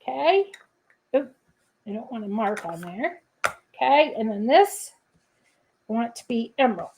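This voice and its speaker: A woman's voice: a little high, very animated, measured pace, darkish tone, slight background noise. A woman hosting a casual crafting livestream, chatting to viewers with playful asides and humming little scat tunes while she works. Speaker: papercrafting livestream host.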